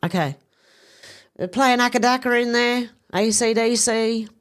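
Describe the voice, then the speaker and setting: A woman's voice: a little high, measured pace, soft background music. A woman, giving casual, opinionated commentary with rambling asides. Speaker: video commentator. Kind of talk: casual commentary reading out social posts.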